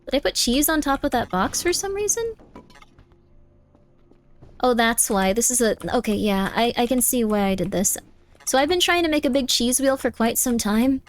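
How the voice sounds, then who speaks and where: Young woman streamer, kinda high voice, rambles and repeats stuff, yells when annoyed. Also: very animated, normal speed. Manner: chatty, repeats phrases, bursts of exasperated yelling. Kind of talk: live game stream chat.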